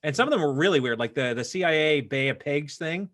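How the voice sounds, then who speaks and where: A man's voice: a little high, expressive, quick pace, a bit bright. A married man from Canada co-hosting a podcast, chatting casually and joking, with many restarts. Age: adult, married. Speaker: podcast co-host.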